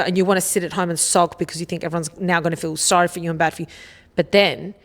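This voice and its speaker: A woman's voice: lowish voice, fairly even intonation, fast talker. A woman hosting a solo self-help podcast, casual and blunt, swearing freely and often checking in with "okay?". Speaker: podcast host.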